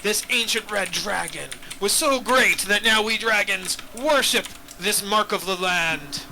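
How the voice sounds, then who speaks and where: A man voicing an ancient male dragon who talks like a slow-drawling pirate. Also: high voice, vocal fry, pushed and bright, slight background noise, exaggerated voice, poor audio. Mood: grand.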